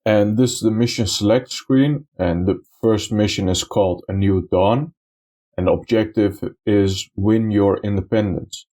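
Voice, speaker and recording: A man's voice: on the low side, fairly even intonation, measured pace, mellow. A man giving gameplay commentary, explaining things step by step with frequent fillers. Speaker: let's play commentator.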